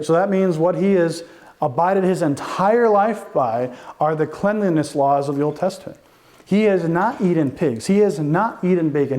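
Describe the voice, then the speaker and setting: Animated pastor with a raised voice. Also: male voice, a little high. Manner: conversational, animated preaching with asides. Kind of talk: sermon.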